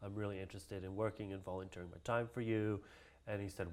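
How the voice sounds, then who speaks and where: A man's voice: lowish voice, steady tone, fast, a little mellow. A man from Hawaii, a cultural practitioner, telling a long personal story in a casual interview, acting out the voices of the people he quotes and laughing often.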